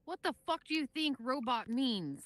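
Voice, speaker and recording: A woman's voice: sits high, big pitch swings, moderate pace, no room sound. A woman co-hosting a comedy talk show, teasing the host bluntly and swearing casually.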